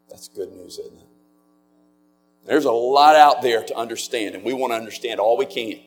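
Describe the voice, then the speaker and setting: A man preaching a sermon as a pastor, earnest and slowing down on key words. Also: mid-range voice, soft background music.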